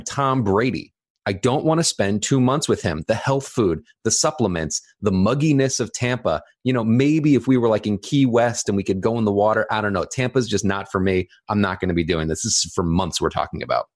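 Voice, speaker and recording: A man's voice: lowish voice, expressive, brisk. A man in his thirties co-hosting a podcast, running through a list with dry jokes. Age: 30s. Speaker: podcast co-host. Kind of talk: casual podcast chat.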